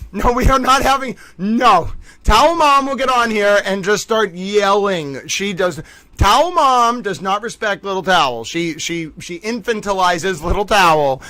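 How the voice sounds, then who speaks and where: A man with a high, bright, sharp voice hosts a casual livestream. He talks playfully and mock-dramatically, laughing often. His voice sounds dry and close, with no room around it. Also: no room sound. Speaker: livestream host.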